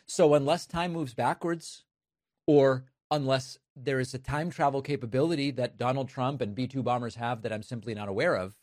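A man's voice: medium pitch, normal speed, darkish tone, no room sound, clean studio sound. A man hosting political commentary, emphatic and incredulous, with a sarcastic edge. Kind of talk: casual spoken commentary.

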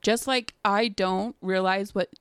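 A woman's voice: medium pitch, fairly even intonation, slow, fairly bright tone, smooth, dry recording. Easygoing woman, dry close sound. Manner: laughing, easygoing. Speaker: podcast co-host. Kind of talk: casual chat.

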